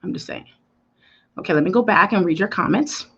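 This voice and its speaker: A chatty woman hosts a live makeup tutorial, talking straight to her viewers with an animated, emphatic manner. Her voice is bright and forceful. The livestream audio is dull and lo-fi. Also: lowish voice, fairly quick, gravelly, slightly rough. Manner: chatty, addresses viewers directly, answers comments. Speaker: beauty influencer.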